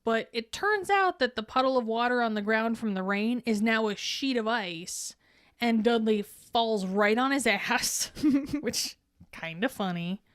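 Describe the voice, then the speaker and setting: Woman, podcast co-host, snarky, swears a lot, fairly high voice, dry close sound. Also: unhurried, clean tone, no room sound. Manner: profane, laughing, snarky. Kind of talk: casual chat.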